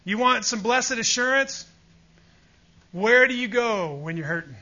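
A man's voice: extremely high pitch, animated, a little slow, pushed and bright, lo-fi sound. A man preaching a sermon with emphatic, fervent delivery, often calling out to his listeners for agreement. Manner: emphatic, rising to fervent peaks, asks the audience "Amen?".

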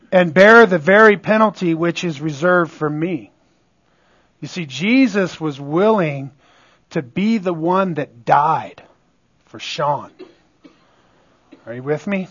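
A man's voice: a little high, highs cut off. A man preaching a sermon as pastor, emphatic, often asking his listeners if they are with him. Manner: call-and-response, asks "are you with me?"; emphatic, swings between loud stresses and quiet asides.

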